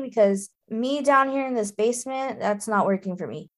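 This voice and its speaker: A woman's voice: a little high, moderate pace, few pauses. Woman cohost on a book podcast, fired up and indignant, super casual, like like like. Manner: animated and indignant, thinking out loud. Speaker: podcast co-host.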